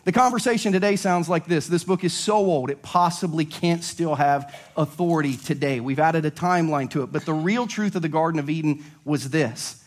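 A male pastor preaching a sermon, animated and acting out little dialogues as he goes. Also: a little high, a little fast, few pauses.

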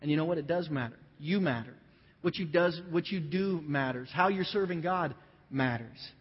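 A man's voice: on the high side, moderate pace, breathy edge. A man preaching a sermon, reading scripture aloud, acting out the voices of the figures he quotes, and then explaining the passage to his listeners. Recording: dull lo-fi audio with long hall reverb.

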